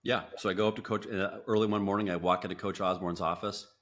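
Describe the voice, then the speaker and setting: Man, very low voice, animated storyteller, restarts often, acts out quotes. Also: quick pace. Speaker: podcast guest. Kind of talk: storytelling interview.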